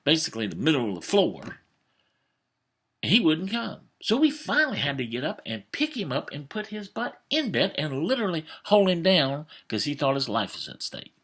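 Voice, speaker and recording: A man in his fifties telling a family story in a folksy, animated way, with some hesitations. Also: fairly high pitch, normal speed. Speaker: vlogger. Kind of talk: storytelling monologue.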